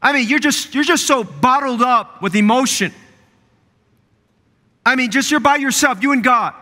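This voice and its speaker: Pastor guy preaching, really high bright voice, repeats his lines hard, big echoey church. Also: normal speed. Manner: preaching with rising fervor, repeating phrases for emphasis. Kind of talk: sermon. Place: church sanctuary.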